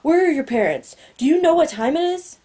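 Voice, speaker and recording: A woman's voice: sits high, animated, fairly quick, pitched above the performer's own voice. A woman reading an audiobook, voicing two baffled male night guards who call out in alarm. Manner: gruff, alarmed, loud calls. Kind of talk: audiobook character voice.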